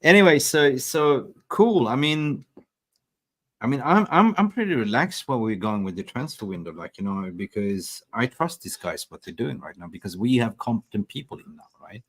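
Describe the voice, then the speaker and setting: Lively, excitable man hosting a stream. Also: medium pitch, normal speed. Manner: excitable, laughs often, swears freely. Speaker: host of a fan channel live stream. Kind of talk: casual live-stream chat.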